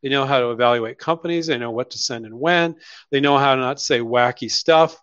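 A man's voice: medium pitch, fairly quick, fairly bright tone, clean tone, no room sound, muffled recording. A man hosting a live question-and-answer session, talking bluntly and casually. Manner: blunt, mock-quoting others in put-on voices. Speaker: host answering viewer questions.

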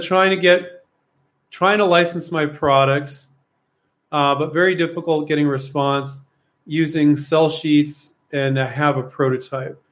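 A man's voice: a little high, a bit bright. A man hosting a live Q&A, answering viewers' questions in a blunt, rambling way with plenty of fillers and rhetorical questions. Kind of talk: casual live Q&A coaching.

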